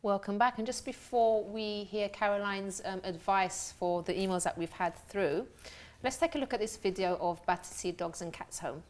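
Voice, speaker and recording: A woman hosting a TV talk show, responding to a guest and introducing the breaks in a friendly, encouraging way. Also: medium pitch. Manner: friendly, encouraging, quick to laugh.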